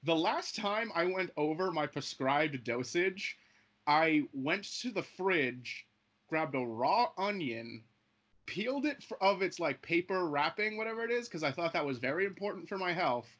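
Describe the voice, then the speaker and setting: A young man with a fairly high voice rambles through a casual podcast chat. He delivers odd stories in a deadpan way and often breaks off mid-sentence to restart. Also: moderate pace. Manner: rambling, deadpan, self-interrupting. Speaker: channel co-host.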